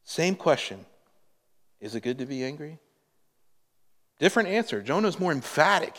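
A man preaching a sermon as a pastor, slow and emphatic, swelling in volume on key points. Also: mid-range voice, sing-song, fairly bright tone, long reverb tail.

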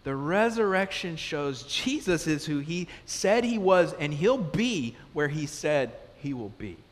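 Animated male pastor preaching in a hall. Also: on the high side, measured pace. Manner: animated, conversational preaching with rhetorical questions. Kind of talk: sermon. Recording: long reverb of a large hall.

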